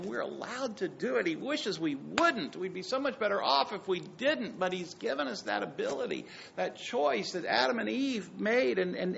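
A man preaching a sermon in a high, gravelly voice. He pushes hard on some lines and drops to near quiet on others. The recording is a bit dull, with faint room noise behind him. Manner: emphatic, swings between loud and soft. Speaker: pastor.

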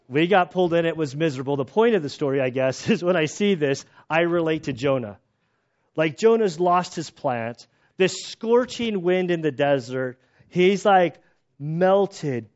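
A man with a somewhat high voice preaches a sermon, sliding into lively storytelling and acted-out dialogue. The recording sounds dull and muffled, as if the top end were cut off. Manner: storytelling, animated retellings with laughs. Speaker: pastor.

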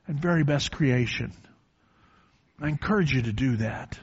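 An older man preaching a sermon in a church, telling a quiet personal story that swells into loud, drawn-out preaching. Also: medium pitch, slightly rough. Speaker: pastor. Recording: dull lo-fi recording.

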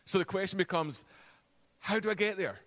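A man preaching a sermon, animated, acting out quoted voices, and dropping to a soft, low voice for emphasis. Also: moderate pace. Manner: acts out quoted voices and asides.

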